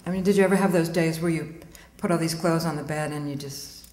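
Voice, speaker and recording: Woman poet, low voice, blunt and wry delivery; live reading in a roomy hall. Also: fairly even intonation, a little fast, a little mellow. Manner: blunt, wry, laughs between poems. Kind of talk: poetry reading. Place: auditorium with audience. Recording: echoey hall, faint room ambience.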